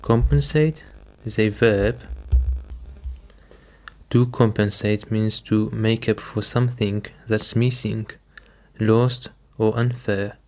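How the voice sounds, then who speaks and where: A man's voice: lowish voice, steady tone, takes it slowly, a little mellow. A man teaching English vocabulary, patiently repeating each word and explaining it with simple examples. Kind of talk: slow, careful teaching.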